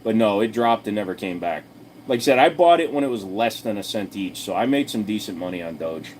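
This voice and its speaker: A man's voice: fairly low pitch, animated, fairly quick, a little hiss or hum. A man hosting a casual livestream, answering chat in a blunt, profane, rambling way with plenty of fillers. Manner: chatty, talks straight to viewers.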